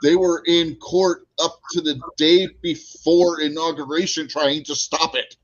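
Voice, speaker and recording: A man's voice: on the high side, steady tone, unhurried, dry recording, highs cut off. Man, podcast host, casual political chat, dry close sound. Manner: laughs, jokes around with guests.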